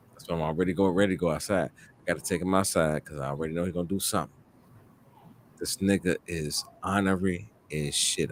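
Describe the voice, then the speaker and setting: Deep-voiced man telling a rowdy story. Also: slight background noise. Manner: profane, animated storytelling. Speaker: host. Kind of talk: casual chat.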